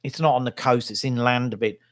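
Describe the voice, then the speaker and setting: Middle-aged bloke, mid-range voice, dry close sound, rambling and opinionated vlog chat. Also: male voice, medium pitch, steady tone, fairly quick, no room sound. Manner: opinionated, chatty, keeps tagging "right?". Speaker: vlogger and local newspaper photographer. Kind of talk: casual rambling monologue.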